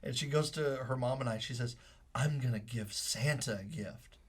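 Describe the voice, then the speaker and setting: A pastor in his thirties talks through scripture and family stories with real feeling, circling back on his words as he goes. His voice is husky with a slight rasp. It sits in an ordinary middle register for a man. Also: mid-range voice, moderate pace. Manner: earnest, emotional storytelling with many fillers. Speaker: pastor, co-host. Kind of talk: casual podcast talk, preaching.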